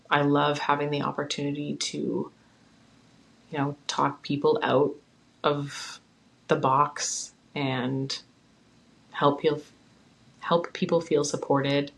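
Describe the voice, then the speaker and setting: Young podcast host, gravelly fry, pretty flat delivery, earnest supportive solo chat recorded on a phone. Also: mid-range voice, rough recording. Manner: earnest, encouraging, heartfelt pep talk. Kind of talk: casual solo podcast talk.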